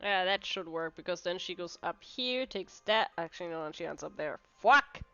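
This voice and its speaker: A woman's voice: fairly low pitch, lively intonation, moderate pace, bright, forceful tone, clear, resonant tone, dry recording. A woman streaming a puzzle game, muttering her moves aloud and swearing at mistakes. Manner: mutters while solving puzzles, swears, laughs often. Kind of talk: casual game commentary. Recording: dull lo-fi mic with game music.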